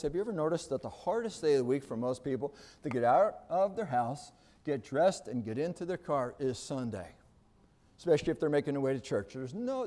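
A man's voice: a little high, dark tone. A middle-aged male pastor preaching a sermon, building emphasis with rhetorical questions.

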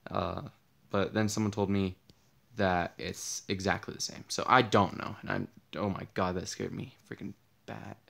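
A man's voice: low voice, level tone, moderate pace, gravelly, fairly bright tone. A young man with a tired, partly lost voice, rambling through casual gameplay commentary, easily startled and joking at himself. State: losing his voice, tired. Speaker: gaming channel host. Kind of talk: casual Let's Play commentary.

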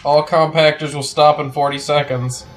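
A man's voice: on the high side, little pitch movement, normal speed. Dry, teasing guy over background noise. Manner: dry, teasing, reads comments aloud. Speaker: co-host reading viewer chat. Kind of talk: casual chat.

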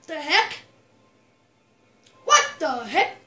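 High, excitable female gamer voice. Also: a little slow. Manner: excitable, bursts into shrieks and yells. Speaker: gameplay commentator. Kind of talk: casual gameplay commentary. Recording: roomy echo, faint music.

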